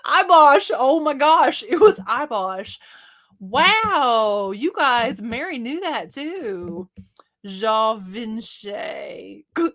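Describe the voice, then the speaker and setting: A woman's voice: mid-range voice, a bit bright. A woman hosting a casual livestream, chatting with viewers, laughing often and reading out their comments. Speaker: livestream host.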